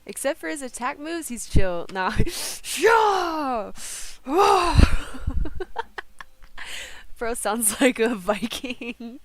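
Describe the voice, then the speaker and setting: A young adult woman gives casual gameplay commentary in a slightly high voice. She talks slowly and giggles through her slangy, chatty remarks. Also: lively intonation, no echo. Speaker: streamer.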